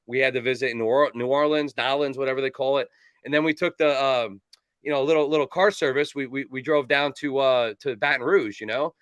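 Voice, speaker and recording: A man in his forties from New Jersey rattles off his stories at a quick clip, rambling and animated and full of fillers. His voice is bright and forceful, recorded close and dry. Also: medium pitch, clear, resonant tone, dry recording. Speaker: kicking coach and guest. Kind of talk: casual storytelling in an interview.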